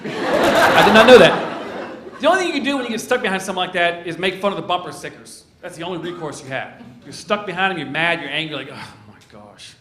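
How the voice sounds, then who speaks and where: A man in his fifties doing stand-up crowd work, playing mock-grumpy and acting out quick voices. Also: high voice, lively intonation. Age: 50s. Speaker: stand-up comedian. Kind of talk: stand-up set to a live audience. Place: corporate event venue. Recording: roomy venue with audience noise. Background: audience laughing.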